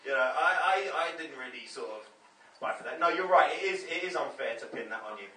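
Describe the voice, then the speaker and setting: A man's voice: fairly high pitch, expressive, fairly quick, pushed and bright, slight background noise. A man doing a stand-up set, chatty and self-deprecating, riffing with the crowd. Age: 30s. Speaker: stand-up comedian. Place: comedy club stage. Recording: roomy, distant live club recording. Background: audience laughter.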